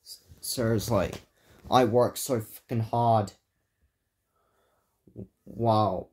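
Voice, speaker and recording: A man in an angry vlog rant, his low voice slow and halting. He curses constantly and circles back over the same complaints, stumbling over words. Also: fairly even intonation, a little mellow. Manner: swearing, repetitive, halting. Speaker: YouTuber.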